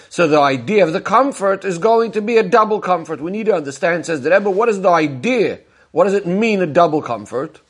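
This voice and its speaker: A man with a high-sitting voice teaches as a Torah teacher, working methodically through a Talmudic discourse. He poses questions, then answers them, and retells stories step by step.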